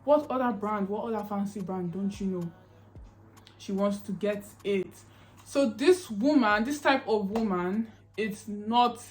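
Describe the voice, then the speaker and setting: A young woman talking casually to camera in an advice vlog, chatty and emphatic, often repeating herself. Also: mid-range voice. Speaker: YouTube vlogger.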